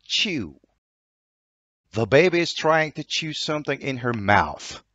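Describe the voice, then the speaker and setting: A man's voice: medium pitch, sing-song, slow, sharp tone, no room sound, muffled recording. A man with a Turkish accent teaching English vocabulary, saying each word twice and reading an example sentence. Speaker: language teacher.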